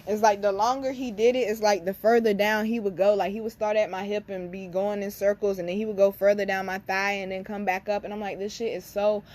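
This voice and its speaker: This young woman, a spiritual reader who hosts her own channel, has a mid-range, slightly mellow voice with little pitch movement, and she talks briskly with few pauses. Facing the camera, she shares a personal story bluntly and profanely, calling her audience "y'all" as she speaks straight to them.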